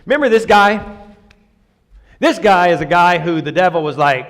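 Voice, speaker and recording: Lively high-voiced man preaching. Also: normal speed, long reverb tail. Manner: lively, conversational, joking with the congregation. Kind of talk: sermon. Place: church sanctuary.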